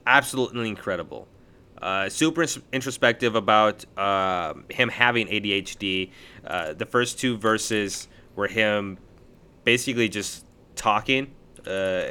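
Male podcast co-host, bright tone, enthusiastic casual review. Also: on the low side, clear, resonant tone. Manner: enthusiastic, gushing. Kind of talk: casual album review chat.

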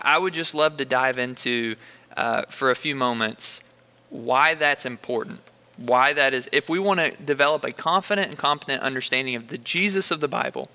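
A man from Kentucky guiding a Bible study conversation in a bright, clear, smooth voice. He speaks in an earnest, unhurried way, thinking aloud as he invites the others in. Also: mid-range voice. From Bullitt County, Kentucky. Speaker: host leading a Bible study discussion.

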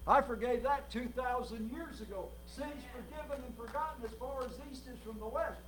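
A man preaching as a guest, telling his life story with lively acted quotes and sudden swings between loud and soft. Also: very high-pitched, brisk, slightly rough. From Minnesota, United States. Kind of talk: sermon.

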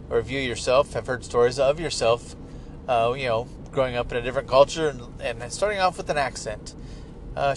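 Middle-aged man, podcast host, swearing casually, mid-pitched voice, faint car noise behind. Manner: profane, rambling, joking. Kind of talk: casual rambling monologue. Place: inside a moving car. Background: car and traffic noise.

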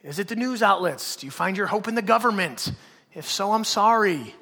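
A man preaching a sermon as pastor, firing off repeated rhetorical questions that build to loud, emphatic peaks. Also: high voice, lively intonation, a little fast, vocal fry, long reverb tail.

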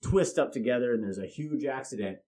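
A man's voice: mid-range voice, brisk, warm tone. A middle-aged man hosting a casual chat, opinionated and blunt, often restarting his sentences.

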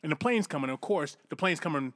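A man's voice: on the high side, lively intonation, fast talker, a bit bright. A man telling long, profane stories in casual chat as a podcast co-host, putting on mocking voices when quoting people. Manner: profane, rambling storyteller.

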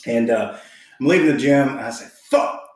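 A man's voice: mid-range voice, brisk. A man co-hosting a podcast, telling a story in casual chat, swearing freely and laughing as he goes. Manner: profane, animated, laughs while telling. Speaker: podcast co-host. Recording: very echoey room, voice far from mic.

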